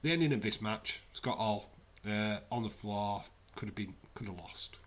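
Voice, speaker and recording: A man's voice: fairly low pitch, moderate pace. Man, casual watch-along host, sarcastic, rambling. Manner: sarcastic, rambling, jokey asides. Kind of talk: casual live wrestling commentary.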